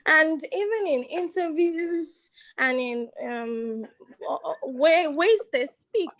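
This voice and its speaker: A woman's voice: high-pitched, expressive, slow, a bit bright. A woman asking a panel question in a hesitant way, searching for her words. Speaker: audience member asking a question.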